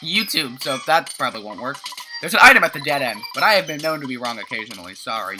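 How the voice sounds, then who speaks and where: A woman's voice: rumbling low, sing-song, fast, rough recording. A young woman casually commentating a video game she plays, sleepy, chatty and self-mocking, often tripping over her words. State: tired, just woke up. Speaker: let's play commentator. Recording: game music playing under voice. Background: game music.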